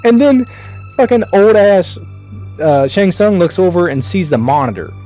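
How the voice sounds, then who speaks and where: A man's voice: high voice, expressive, normal speed, warm tone, lo-fi sound, faint music behind. A man co-hosting a podcast, retelling a movie in casual chat, swearing freely and putting on mocking voices for the characters. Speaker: podcast co-host.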